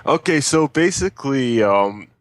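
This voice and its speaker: A man's voice: medium pitch, expressive, measured pace, no echo. A young man with a Canadian accent, co-hosting a casual podcast and rambling with many fillers. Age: young adult. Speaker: podcast co-host. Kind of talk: casual chat.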